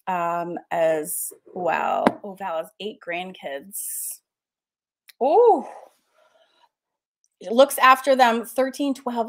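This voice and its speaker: A woman in her forties from Massachusetts, an art teacher hosting a casual livestream, chatting, laughing often and reading out viewer comments. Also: medium pitch.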